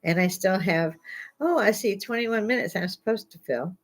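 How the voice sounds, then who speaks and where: A woman's voice: mid-range voice, normal speed. An older woman hosting a casual livestream from home, rambling and blunt, laughing often. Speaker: livestream host. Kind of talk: casual live chat. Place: home, indoors.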